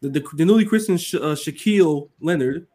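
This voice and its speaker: A man's voice: on the high side, brisk, mellow. A man in casual sports chat, blunt and profane.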